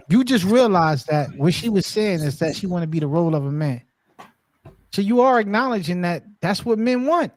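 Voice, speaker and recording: High-voiced, slangy man hosting a chat. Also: moderate pace. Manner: animated, interrupts a lot, slangy and repetitive. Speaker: podcast host. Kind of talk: casual panel chat. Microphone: headphones on a remote call.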